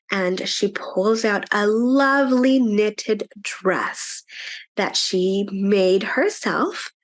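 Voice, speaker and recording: A woman telling a children's story at church in an animated, chatty way, with frequent fillers. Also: medium pitch.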